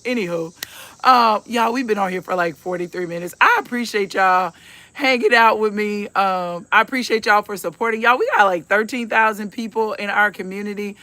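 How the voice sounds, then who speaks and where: A woman's voice: medium pitch, normal speed, pushed and bright, no echo. A woman in her fifties hosting a casual livestream, chatting in a folksy way and calling her viewers y'all. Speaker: host of a livestream.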